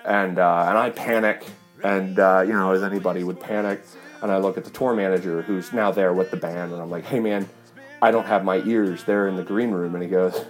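A man's voice: low-pitched, steady tone, brisk, soft background music. A man, a touring fiddle player, animatedly retelling a story with lots of fillers. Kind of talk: casual storytelling.

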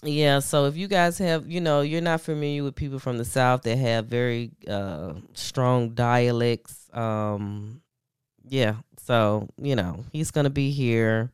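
A woman's voice: rumbling low, fairly even intonation, a little slow, clean tone, no echo, clean studio sound. A woman hosting a podcast in a casual, laid-back chat, slangy and full of fillers. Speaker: podcast host.

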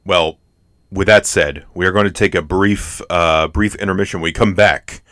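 A man's voice: sits low, fairly even intonation, moderate pace, a bit bright, no room sound. A young man co-hosting a movie podcast, making dry, wry remarks in casual chat. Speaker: podcast co-host.

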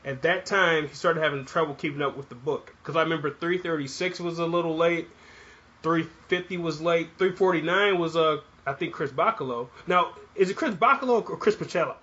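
Lo-fi higher-voiced male interviewer. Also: brisk, a bit bright. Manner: casual, curious, swears offhand. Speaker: interviewer, podcast host. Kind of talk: casual interview.

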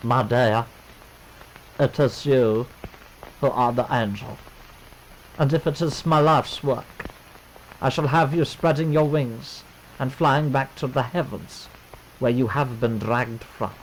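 An actor playing a courtly male Southern lawyer in a film scene, speaking low, soft and grandly formal. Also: slow, long pauses, a little hiss or hum, close to an everyday voice, poor audio. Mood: gallant.

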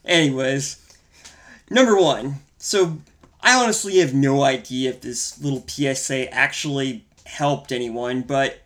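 A man's voice: medium pitch, measured pace, a bit bright. A man co-hosting a casual film-review podcast, talking in a wry, rambling, profane way. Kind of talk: casual chat.

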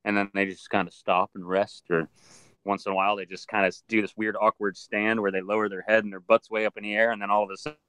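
A man who works with alligators and crocodiles tells stories in a casual interview, slipping into other people's voices as he goes. His voice sits a little low and sounds bright and crisp. The sound is dry and close. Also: level tone, fast talker, no echo, poor audio. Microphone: video call.

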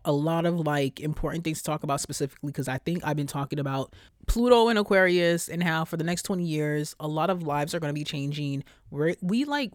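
A woman's voice: low-pitched, no echo, clean studio sound. Stuffy-voiced woman hosting a profane podcast. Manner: profane, animated, lots of cursing. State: stuffy, congested from a cold. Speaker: podcast host. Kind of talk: casual solo podcast rant.

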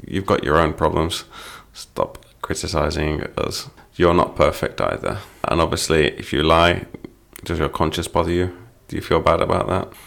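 Deep gravelly male English teacher. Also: fairly bright tone. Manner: patient, explanatory, speaks lyrics in a livelier voice. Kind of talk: explaining song lyrics to learners.

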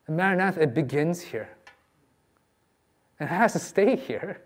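A man's voice: a little high, lively intonation, moderate pace, pauses often. A man preaching a sermon as a pastor, earnest and pleading with his listeners.

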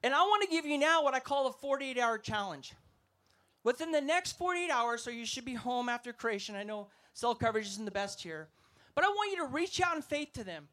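A man preaching an energetic sermon to a festival crowd, emphatic and asking the audience to respond. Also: extremely high pitch, a little fast. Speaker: evangelist speaker.

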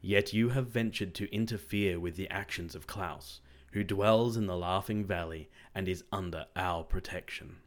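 A man voicing a grave, stern male immortal who rules the forests, speaking calmly and with measure. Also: low-pitched, moderate pace, few pauses, lightly acted.

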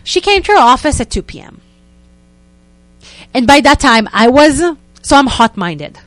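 Animated young woman telling a story. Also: sits high, measured pace, no room sound. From Israel. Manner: animated, acts out quotes in other voices, many "like" fillers. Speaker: guest. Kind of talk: casual storytelling.

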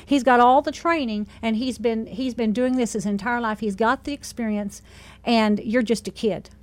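A woman preaching a sermon, retelling scripture with animated asides and laughs. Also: a little high, normal speed.

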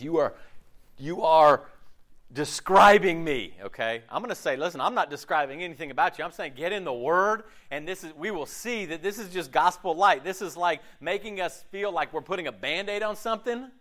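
A male pastor giving an animated, conversational sermon, peppered with rhetorical questions and mocking asides. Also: on the high side.

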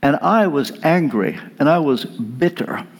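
A man delivering a sermon as a guest preacher, telling a story with dramatic pauses. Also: a little high, animated, slightly rough. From United States.

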